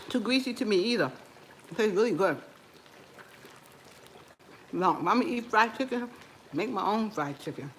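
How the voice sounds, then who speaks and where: A woman's voice: mid-range voice, fairly bright tone, a little hiss or hum. A woman chatting casually to her viewers in her home kitchen while tasting food, talking with her mouth full and laughing often. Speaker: cooking vlogger.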